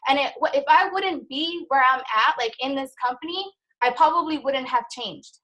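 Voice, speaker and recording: A woman in her thirties, a team leader in a sales business, leads a motivational training call with an emotional, rambling, fired-up pep-talk manner. Her voice is high, pushed and bright at a moderate pace, and the call recording has poor audio.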